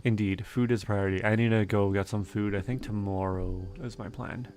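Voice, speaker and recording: A man's voice: lowish voice, fairly even intonation, moderate pace, darkish tone. A young man from Canada chatting casually with viewers while streaming a farming game, reading and answering chat with lots of fillers.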